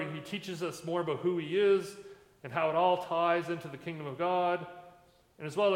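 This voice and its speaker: A man, a pastor, giving a sermon in a conversational preaching manner, recorded in a church sanctuary. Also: a little high. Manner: conversational preaching with plain everyday comparisons. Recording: echoey church hall with long reverb.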